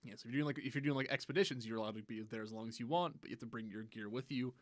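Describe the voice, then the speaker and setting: Fast-talking animated young man podcasting. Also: medium pitch, no echo. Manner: animated, swears often, acts out game moments in loud put-on voices. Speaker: podcast co-host. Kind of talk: casual gaming podcast chat.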